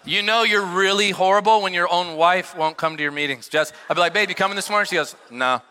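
A middle-aged male pastor preaching a sermon, telling stories with sudden shouted peaks and quieter asides. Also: high voice, fast talker, clear, resonant tone. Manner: animated storytelling with shouted peaks and dropped asides. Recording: long hall reverb.

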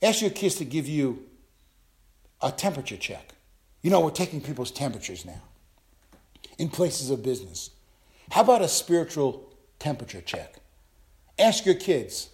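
An older man preaching an impassioned sermon as a pastor, dropping to low asides and rising to loud, high calls. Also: sing-song, moderate pace, pauses often.

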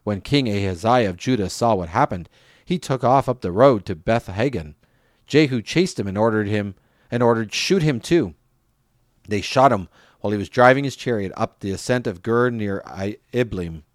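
Low-voiced man reading scripture aloud. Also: moderate pace, dry recording, studio quality. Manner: steady reading, lifts voice for quoted speech. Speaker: scripture reader.

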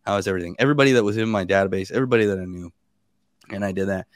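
Animated storytelling man with a low voice. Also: racing, no echo, studio quality. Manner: animated, laughing storyteller acting out quotes. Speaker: guest. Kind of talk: casual podcast storytelling.

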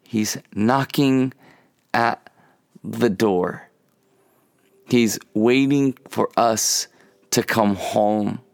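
A man giving an earnest sermon-style teaching, lively at times and slowing down to stress key words. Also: fairly low pitch, vocal fry, no echo, studio quality. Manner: earnest, animated, slows down to emphasize.

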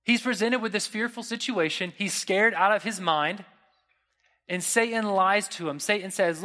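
A man's voice: sits high, fairly quick, pushed and bright, long reverb tail. A man preaching a sermon in a casual, conversational way, with slang and asides to the listeners. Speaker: pastor.

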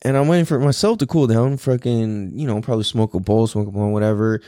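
A man hosting a podcast, telling a personal story in a rambling, profane way and acting out quotes with sudden high pitch jumps. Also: quick pace, dark tone, dry recording, studio quality. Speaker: podcast host. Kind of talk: casual storytelling monologue.

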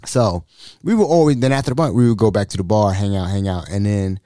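A man's voice: on the low side, quick pace, dark tone, dry recording, studio quality. A man hosting a podcast, telling a casual story in slangy speech and acting out the people he quotes. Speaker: podcast host.

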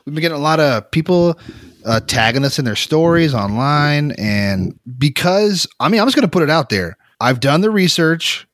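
An animated man tells work stories on a casual podcast, acting out what people said and breaking into loud laughs. His pitch swings widely as he talks. The recording is dry and close, with no room sound. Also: normal speed, dry recording. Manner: animated storyteller, laughs loudly, acts out quotes. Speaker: podcast co-host, X-ray tech.

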